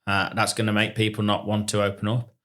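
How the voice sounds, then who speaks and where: A man co-hosting a podcast, chatting in a relaxed, reflective way. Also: fairly low pitch, brisk. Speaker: podcast co-host. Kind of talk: casual chat.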